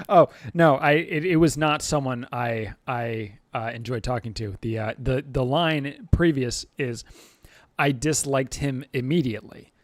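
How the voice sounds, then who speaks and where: A man hosts a casual livestream for his chat, rambling along with lots of fillers, restarts, and frequent chuckles. His voice sits at a medium pitch and he speaks unhurriedly, with no echo in the recording.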